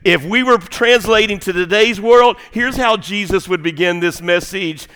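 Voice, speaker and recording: Southern US male pastor, high and smooth voice, emphatic folksy sermon, long church reverb. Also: moderate pace. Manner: emphatic, folksy, swings between loud and hushed. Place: church sanctuary.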